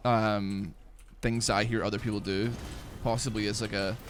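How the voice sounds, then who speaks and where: A man's voice: on the low side, little pitch movement, moderate pace, a little hiss or hum. A young man streaming a video game, chatting casually in a rambling, profane way with many filler words. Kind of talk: casual chat while playing a video game.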